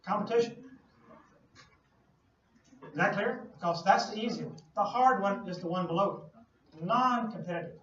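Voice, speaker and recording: Man, high voice, lecturer, playful analogies, distant, echoey hall, dull lo-fi sound. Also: normal speed, long pauses, a bit bright. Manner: playful, uses everyday analogies, asks the class questions. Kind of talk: classroom lecture. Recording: distant, echoey lo-fi classroom recording.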